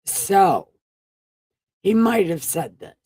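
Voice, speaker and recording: A woman's voice: mid-range voice, sing-song, slow pace, mellow, slightly rough, no echo. A woman hosting a casual bedtime Bible-reading livestream, joking, swearing and laughing her way through the verses.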